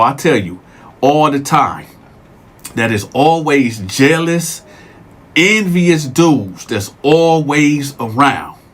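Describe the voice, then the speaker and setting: Animated, husky-voiced male storyteller. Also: medium pitch. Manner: animated, repeats words as he goes. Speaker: storyteller host. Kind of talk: casual storytime narration.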